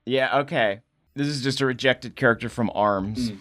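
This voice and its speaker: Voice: medium pitch, moderate pace, a bit bright. A tabletop game player tossing off wisecracks and joking asides during a playful improvised session.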